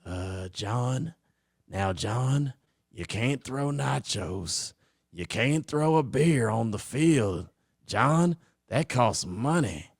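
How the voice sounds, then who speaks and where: A man putting on a gruff older football team owner who drawls his scolding slowly, in a low voice that sounds set back from the mic. The impression is delivered in a dry, dead-sounding space. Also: lively intonation, no room sound, full character voice.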